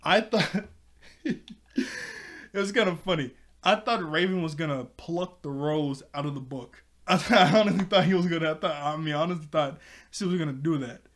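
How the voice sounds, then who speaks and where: A man's voice: a little high, normal speed, fairly bright tone. A man casually recapping a cartoon episode, rambling with many fillers and frequent laughs.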